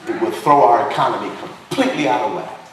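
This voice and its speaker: A man's voice: mid-range voice, fast talker. Preaching man in an echoey hall. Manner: emphatic preaching cadence with repetition. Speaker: pastor and congressional candidate. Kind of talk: impassioned political sermon. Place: potluck dinner hall. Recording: distant echoey room recording with faint noise.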